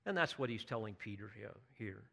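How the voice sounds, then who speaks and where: A man's voice: fairly low pitch, expressive, a little fast, creaky, sharp tone. A man preaching a sermon, earnest and emphatic, building to bursts of intensity and putting direct questions to his listeners. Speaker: pastor.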